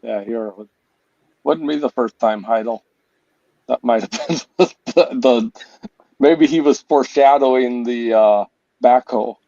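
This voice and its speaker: A man co-hosting a casual livestream, relaxed and reading chat messages aloud. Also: mid-range voice, measured pace, long pauses, no echo, lo-fi sound. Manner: laid-back, reads chat messages aloud.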